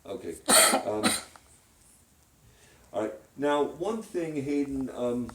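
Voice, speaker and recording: A man's voice: medium pitch, lively intonation, takes it slowly, heavy background noise. A man giving a one-on-one music lesson, talking hesitantly with many fillers and restarts. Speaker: composition teacher. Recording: roomy sound from a distance. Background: piano playing.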